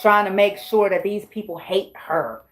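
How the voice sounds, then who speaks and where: A woman's voice: mid-range voice, moderate pace, soft background music, rough recording. A woman giving a spoken tarot reading in a blunt, profane, slangy way. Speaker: tarot reader.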